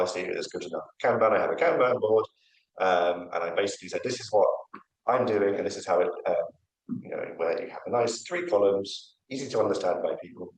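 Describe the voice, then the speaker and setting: A man giving a conference talk, hesitant and full of fillers and restarts. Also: deep voice. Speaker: conference speaker. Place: lecture room. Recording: echoey lecture room.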